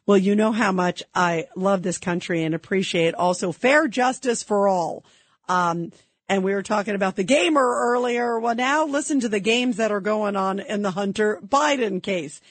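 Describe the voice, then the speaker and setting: Woman radio host, husky, dry close sound; pushes each point with indignant emphasis. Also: mid-range voice, moderate pace, no echo. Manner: emphatic, indignant, rhetorical questions. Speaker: radio talk show host. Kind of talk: political commentary monologue.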